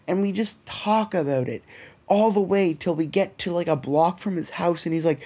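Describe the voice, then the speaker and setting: A young Canadian man spins a story on a podcast, swearing freely. He is animated and acts out the other people in his tale. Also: high-pitched, moderate pace, husky. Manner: profane, animated storytelling with quoted voices. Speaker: podcast co-host. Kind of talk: casual storytelling chat.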